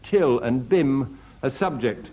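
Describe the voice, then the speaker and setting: A man chairing a comedy panel game, announcing scores and rounds in a dry, deadpan way. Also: mid-range voice, slow pace. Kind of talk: comedy panel show hosting.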